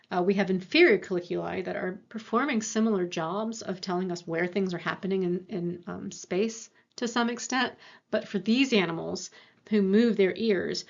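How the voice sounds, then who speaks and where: A woman lecturer explains at a moderate pitch, stopping often for fillers and restarting her sentences. The recording sounds a little dull and muffled. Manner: explanatory, with frequent fillers and self-corrections. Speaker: university lecturer.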